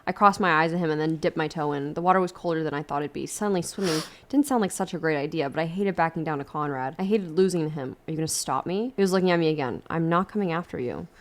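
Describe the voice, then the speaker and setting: A young woman reading a novel aloud, chapter by chapter, in a steady, plain voice and adding joking asides. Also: low-pitched, fast talker, hardly any pauses. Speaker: YouTube host.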